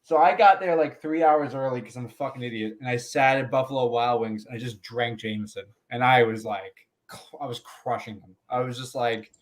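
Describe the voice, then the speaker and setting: A man's voice: medium pitch, brisk, few pauses. A man, a comedian guest on a podcast interview, telling a long profane anecdote with frequent laughs.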